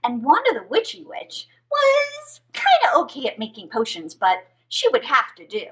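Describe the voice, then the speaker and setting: Very high-pitched, playful story time woman. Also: normal speed, poor audio. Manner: playful, animated, leads children in pretend play. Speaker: children's story time host. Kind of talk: live kids' story time reading.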